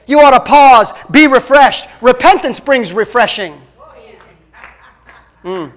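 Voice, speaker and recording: A man preaching a sermon as a pastor, emphatic and swinging between loud and hushed. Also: extremely high pitch, animated, slow.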